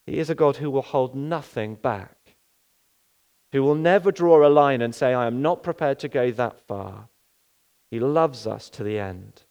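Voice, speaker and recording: A man's voice: mid-range voice, unhurried, a little mellow. A male pastor giving an earnest sermon, often asking rhetorical questions.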